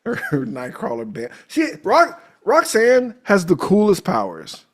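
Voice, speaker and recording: A man chatting on a movie podcast, his voice a little husky and set somewhat high. His pitch swings widely as he recaps scenes in a loose, profane, animated way. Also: a little slow. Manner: animated, profane storytelling, acting out scenes with laughter. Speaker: podcast co-host. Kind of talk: casual movie podcast chat.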